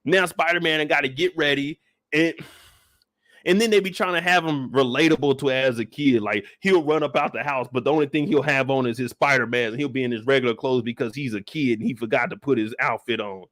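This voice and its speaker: A man delivering an animated, profane, exasperated comedic rant. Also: medium pitch, a little fast, no room sound.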